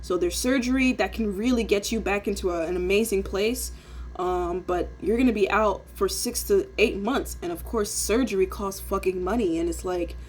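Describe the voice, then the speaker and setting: A woman in her twenties, a day trader, vents in a casual vlog with medium pitch at a moderate pace. Her rant is emotional and full of profanity, with "bro" tacked onto nearly every line, and there's a slight hiss or hum in the audio.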